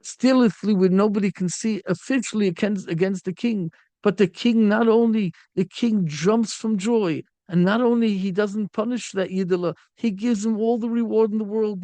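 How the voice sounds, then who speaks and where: A man's voice: high voice, moderate pace, dry recording. A man, a rabbi, giving a Torah lecture, telling stories and acting out the people in them. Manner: animated storytelling, acts out quoted speakers.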